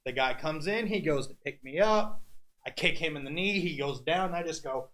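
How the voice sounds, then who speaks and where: A man's voice: a little high, normal speed, fairly bright tone. A man telling a story in a casual podcast chat, acting out the scenes with quoted voices and sound effects, and often laughing as he talks. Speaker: podcast guest, independent wrestler.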